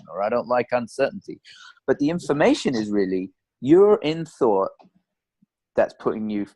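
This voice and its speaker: A man coaching in a relaxed teaching talk, acting out quoted conversations as he tells stories, with frequent restarts and repeated words. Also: mid-range voice, poor audio. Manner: animated storytelling, acts out quoted dialogue.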